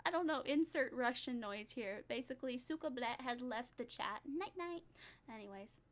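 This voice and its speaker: A woman's voice: a little high, animated, normal speed. A young woman streaming as a vtuber, chatting casually with her viewers in a giggly, rambling, self-mocking way.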